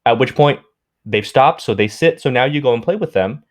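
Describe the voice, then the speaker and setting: A man who co-hosts a dog training podcast, explaining ideas in a steady, conversational way. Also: medium pitch, moderate pace.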